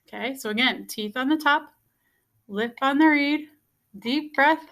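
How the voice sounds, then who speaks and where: A woman with a high, fairly bright voice takes an unhurried approach to a beginner music lesson on video. She patiently repeats every step and checks in by asking "okay?".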